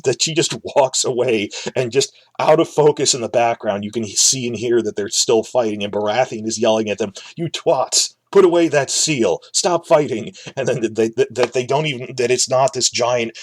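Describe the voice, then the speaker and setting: A man's voice: mid-range voice, no echo. A man hosting a casual reaction video, rambling through his thoughts with frequent restarts. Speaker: video host. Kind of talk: casual episode reaction commentary.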